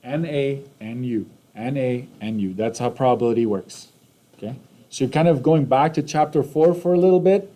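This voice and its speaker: Canadian guy teaching math, warm low-key voice, keeps asking "right?". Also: normal speed. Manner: casual, checks in with "right?" and "okay?". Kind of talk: recorded math lesson.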